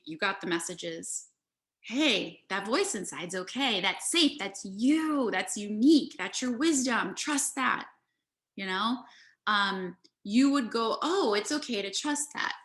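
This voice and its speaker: A middle-aged woman, an energy healer, giving a reflective talk in an earnest, gentle manner, acting out inner voices as quotes. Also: medium pitch.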